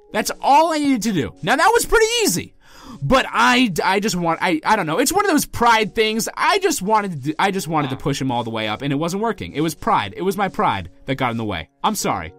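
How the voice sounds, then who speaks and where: A man's voice: high voice, a bit bright. A man giving let's play commentary as a channel host, pleading, exasperated and melodramatic.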